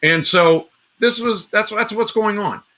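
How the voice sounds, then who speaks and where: Bright-voiced man riffing on a live stream. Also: high voice, a little slow. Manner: rambling, restarts often, talks straight to viewers. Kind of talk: casual political commentary.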